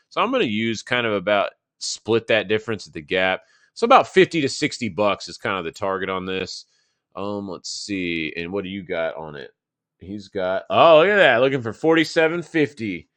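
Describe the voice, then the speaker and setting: Casting note: man, 30s, from Texas, casual market host, low crisp voice, swears freely, rambles. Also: fairly bright tone, no room sound. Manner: loose and profane, thinking aloud with fillers. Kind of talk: casual live chart commentary.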